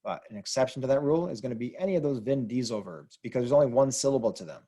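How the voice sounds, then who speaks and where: A man's voice: medium pitch, animated, very fast, mellow, breathy edge. A man teaching a language lesson, explaining rules patiently and spelling words out letter by letter. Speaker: Spanish teacher. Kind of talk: explaining grammar on a whiteboard.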